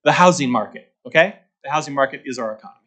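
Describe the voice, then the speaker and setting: A man's voice: mid-range voice, animated, rapid-fire, a bit bright. A man gives a luncheon talk as a market strategist, repeating his key points and checking in with the audience by asking "okay?". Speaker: guest speaker, market strategist.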